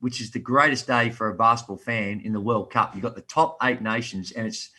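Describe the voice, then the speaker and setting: An Australian man in his fifties, a podcast guest telling a long story in a relaxed, animated way with local slang. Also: fairly low pitch, a little fast. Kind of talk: casual storytelling.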